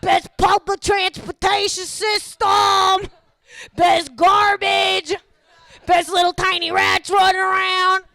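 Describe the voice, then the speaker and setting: A woman voicing a pushy New York relative who rants fast and swears between boasts. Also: very high voice, little pitch movement, pushed and bright, no echo, raised voice, pitched above the performer's own voice, heavily acted. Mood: boastful. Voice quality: rapid, swearing, boastful patter. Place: comedy club stage.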